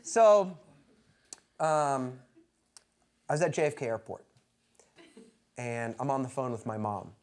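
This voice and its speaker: A stand-up comedian in his thirties telling personal stories on stage, animated and bursting into loud acted-out quotes. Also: mid-range voice, slow, long pauses. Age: 30s. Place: comedy stage before a live audience.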